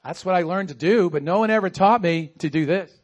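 A man's voice: high voice, a little fast. A man preaching a sermon as a pastor, telling stories animatedly and acting out quoted asides. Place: church.

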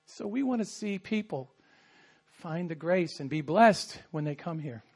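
High-voiced pastor preaching animatedly. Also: male voice, a little slow, husky. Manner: animated storytelling with quoted asides. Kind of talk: sermon. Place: church.

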